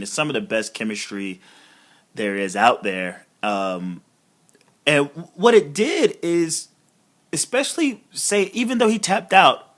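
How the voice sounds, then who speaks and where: A man's voice: medium pitch, fairly bright tone. Rambling, profane man reviewing wrestling. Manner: rambling, profane, many fillers. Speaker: podcast host. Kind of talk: casual wrestling review chat.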